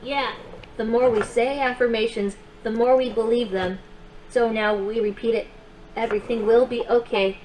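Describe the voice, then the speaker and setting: A bright, playful companion robot for kids, voiced by a woman, cheering a child on through games and calm affirmations. The voice sits a bit high and stays upbeat and encouraging. A clear hum of noise runs underneath. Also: normal speed, close to an everyday voice, low-quality recording. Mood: soothing. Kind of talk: game and guided affirmations for a child.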